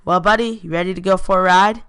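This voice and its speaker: A woman's voice: on the low side, steady tone, fast talker, fairly bright tone, smooth, no echo, lightly acted. A woman voicing an easygoing, playful young airbender king in friendly banter. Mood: gentle.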